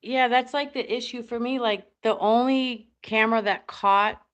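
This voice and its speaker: A woman's voice: on the high side, steady tone, moderate pace, a bit bright, clean tone, muffled recording. A woman who is a paranormal investigator, talking bluntly in a casual chat, swearing and restarting her sentences.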